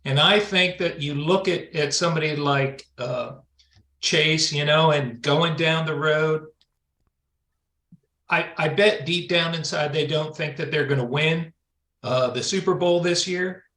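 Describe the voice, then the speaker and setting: Bright-voiced guest man in an echoey room. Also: fairly high pitch, unhurried. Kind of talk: casual remote call-in chat.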